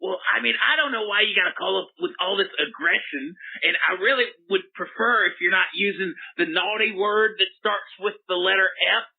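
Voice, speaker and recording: A man's voice: high voice, normal speed, creaky, few pauses, narrow, tinny audio. A man playing a flippant pop psychologist from Oklahoma who hosts a comedic call-in show, prissy and easily rattled, stammering when callers swear. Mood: flustered. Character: flippant middle-aged male pop psychologist radio host.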